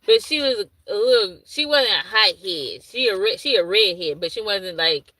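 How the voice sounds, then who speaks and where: A woman who works as an infant daycare teacher, casually telling a story to the camera, animated and laughing, acting out what she said to the babies. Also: medium pitch, normal speed, no echo, low-quality recording. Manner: animated, laughing, acts out her own asides in dialect.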